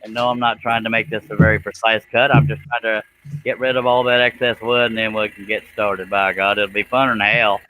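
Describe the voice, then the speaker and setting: A man's voice: lowish voice, level tone, a little fast, pushed and bright, a little hiss or hum. A man hosting a woodworking live stream, chatting casually and joking as he works. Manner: joking, folksy, laughs often. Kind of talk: casual chat while working.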